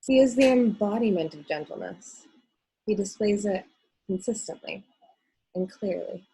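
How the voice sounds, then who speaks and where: Soft, mellow woman reading gently. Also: medium pitch, animated, a little slow, gravelly, slightly rough, low-quality recording. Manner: gentle, soft reading, fades at phrase ends. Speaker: guest reader on a call. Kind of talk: reading her own prose poem. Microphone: video call.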